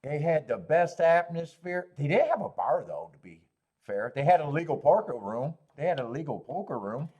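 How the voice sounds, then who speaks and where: A man's voice: a little high, big pitch swings, normal speed, dark tone, slightly rough, highs cut off. A man hosting a live horse racing stream, rambling and joking while greeting viewers in chat.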